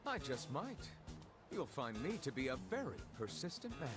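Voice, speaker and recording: An actor playing a polite, amused, persistent and shady gentleman in a video game dub. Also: medium pitch, sing-song, moderate pace, close to an everyday voice. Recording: game music underneath.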